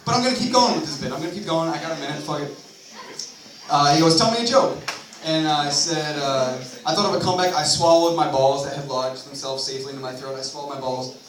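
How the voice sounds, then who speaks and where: A man's voice: a little high, quick pace. A young man performing a rambling, profane stand-up set at a bar open mic, full of self-mocking asides. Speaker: stand-up comedian. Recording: echoey bar from a far camera.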